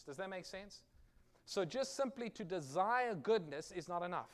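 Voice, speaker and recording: A man's voice: high-pitched, expressive, moderate pace. A middle-aged man preaching a sermon, reading scripture with rising force and telling a personal story. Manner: earnest storytelling preacher, rises loud on quoted scripture. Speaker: pastor.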